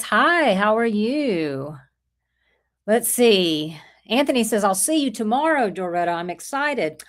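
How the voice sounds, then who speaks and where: A middle-aged woman with a sore throat hosts a casual livestream, chatting her way through viewer comments and greeting people by name. Her mid-range voice is very animated but slow, and her manner is chatty and rambling.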